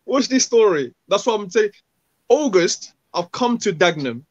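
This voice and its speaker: A former footballer, telling stories in a casual interview and acting out what people said, using street slang. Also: male voice, high-pitched, takes it slowly, no echo. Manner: animated, acts out quoted dialogue, street slang. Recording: dull, dry recording.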